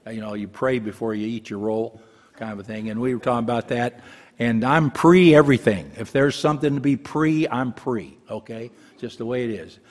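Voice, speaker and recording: An older man in his seventies preaches in a loose, joking way, often stopping to restart his sentences. His voice sits at an ordinary pitch, and a long reverb hangs behind every phrase, as in a big church sanctuary. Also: brisk, a little mellow. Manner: rambling, humorous, restarts often. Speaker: pastor. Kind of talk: folksy sermon.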